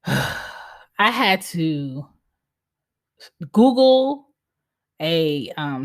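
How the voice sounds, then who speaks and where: A woman in her thirties hosting a casual solo podcast from home, talking candidly and bluntly and swearing freely. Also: low voice. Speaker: podcast host.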